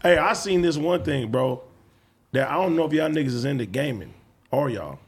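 Husky, animated young man in group banter. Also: a little high, normal speed. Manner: animated, bantering, steers the talk. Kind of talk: casual group chat.

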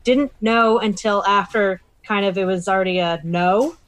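A woman's voice: medium pitch, moderate pace, a bit bright, no echo. A woman in casual chat, reacting and telling a story in a talkative way.

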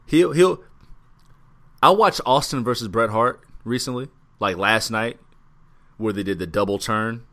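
A male wrestling podcast co-host with a mid-range, pushed and bright voice talks casually and profanely. He's laid-back and drags out his recaps.

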